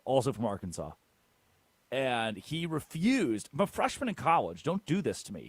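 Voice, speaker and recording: A man's voice: mid-range voice, dry recording. A young man hosting a sports talk show, joking and mimicking people as he goes. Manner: animated, joking, mimics people with put-on voices. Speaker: sports radio host.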